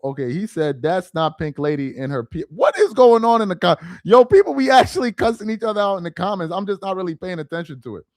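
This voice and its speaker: A man's voice: high-pitched, darkish tone, no room sound, clean studio sound. A young man hosting a casual livestream, reading chat aloud with slangy, incredulous banter and frequent laughter.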